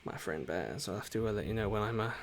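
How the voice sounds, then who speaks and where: A man's voice: on the low side, expressive, fast, a little hiss or hum. A man streaming a story game, chatting casually and rambling as he reads the dialogue. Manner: chatty and rambling, often trailing off. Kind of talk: casual gameplay commentary and reading game dialogue aloud.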